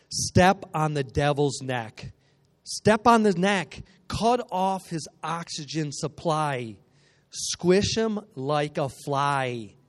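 Fired-up high-voiced man preaching. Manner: energetic, joking, call-and-response. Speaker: guest preacher. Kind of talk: sermon. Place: church.

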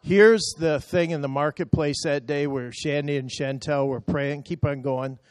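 A man's voice: fairly high pitch, steady tone, measured pace, no echo. A man talking a church through slides from a mission trip, chatty and emotional, telling the operator to move on.

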